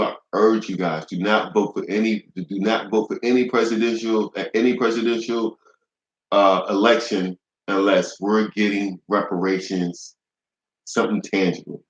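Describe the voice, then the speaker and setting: A man's voice: on the low side, reverberant, lo-fi sound. A young man delivering a blunt, profane, heated monologue to camera, with frequent restarts. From United States. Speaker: vlogger.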